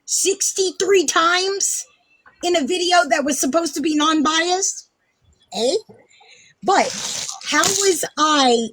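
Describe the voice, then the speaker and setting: A woman's voice: high-pitched, a bit bright. A woman hosting a casual live stream, ranting defensively and sarcastically, swearing often. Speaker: livestream host.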